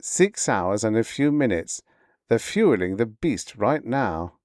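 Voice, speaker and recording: A man's voice: on the low side, very animated, slow pace, a little mellow, no echo, clean studio sound. A man doing a barking, impatient pilot. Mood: dry. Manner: barking, sarcastic. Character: tense, impatient male rocket pilot.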